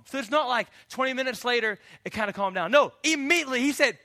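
A man preaching a sermon as pastor, animated and jokey in a conversational way. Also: very high voice, quick pace, hardly any pauses.

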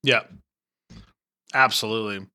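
Laid back podcast co-host guy, thinking out loud, bright tone, dry sound. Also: lowish voice, unhurried, smooth, dry recording. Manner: relaxed, reflective, repeats words as he thinks. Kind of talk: casual chat.

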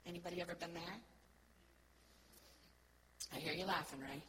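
A woman giving an earnest sermon-style talk to a congregation, often checking in with "right?" and swinging between soft, slow words and loud, stressed ones. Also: on the low side, fairly even intonation, noisy background. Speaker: church speaker.

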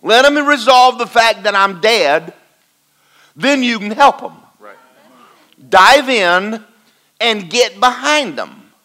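A man preaching a folksy sermon to a congregation, swinging between loud and quiet. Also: very high voice, expressive, takes it slowly, long pauses. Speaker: pastor. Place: church in front of a congregation.

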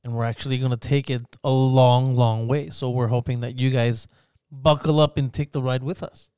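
A man co-hosting a podcast drops short interjections and gives an upbeat intro to the show. His voice is smooth and clear at a middle pitch, recorded dry and close. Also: fairly even intonation, moderate pace, dark tone, no room sound. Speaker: podcast co-host. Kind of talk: casual chat.

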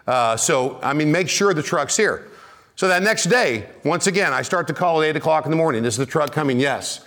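Animated storytelling male pastor. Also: on the high side, a little fast. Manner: animated, rising to near shouts when excited. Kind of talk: sermon storytelling.

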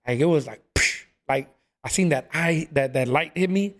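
In a casual chat, a man tells stories animatedly, acting out what people said and saying "bro" a lot. His voice is fairly high and he talks at a normal speed.

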